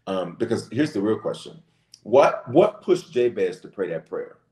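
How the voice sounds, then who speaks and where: Low-voiced preaching bishop, very animated delivery, roomy echo. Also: male voice, normal speed. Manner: impassioned, rising to shouted emphasis. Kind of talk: preaching in a church talk show.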